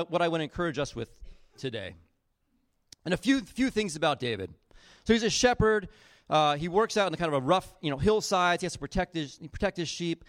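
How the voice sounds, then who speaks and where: A man preaching a sermon, retelling a Bible story in a casual, animated way with acted-out quotes. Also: a little high, dry recording, clean studio sound. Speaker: pastor.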